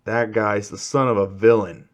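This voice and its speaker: A man's voice: fairly low pitch, steady tone, moderate pace, close to an everyday voice. A man voicing a hostile teenage boy who talks with sneering contempt.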